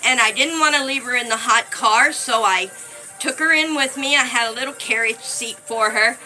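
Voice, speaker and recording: A woman chats casually on her live stream in a high, bright voice. She takes her time, thanking viewers by name and talking fondly. Faint music plays quietly behind her. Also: moderate pace, poor audio. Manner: chatty, thanks viewers by name, warmly fond of her dolls.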